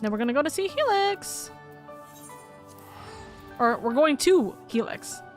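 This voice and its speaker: High-voiced dramatic woman streamer. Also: big pitch swings, unhurried, soft background music. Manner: dramatic, rambling, repeats herself. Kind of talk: casual game streaming.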